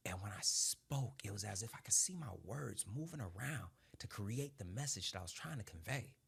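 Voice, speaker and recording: A man in his thirties, a former Marine sergeant, telling his story in conversation with animated energy, frequent laughs and casual swearing. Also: lowish voice, brisk, gravelly, slightly rough.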